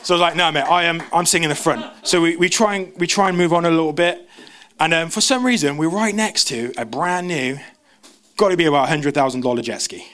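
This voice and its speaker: A young man preaches to a church congregation, telling his stories with animated energy and acting out the voices of the people in them. His voice sits a little on the high side. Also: a little fast. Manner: animated storyteller, jumps into quoted voices. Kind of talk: storytelling sermon. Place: church service.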